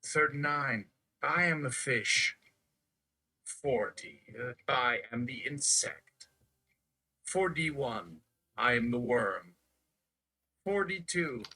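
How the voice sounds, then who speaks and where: A man's voice: medium pitch, animated, takes it slowly, pauses often, pushed and bright, low-quality recording. A man on a live stream reciting numbered declarations one after another in a chanting manner. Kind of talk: slow counting recitation.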